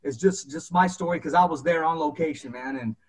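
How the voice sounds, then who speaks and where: Male podcast host, high voice, animated anecdote style. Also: brisk. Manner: animated, acts out quotes. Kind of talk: storytelling in casual interview.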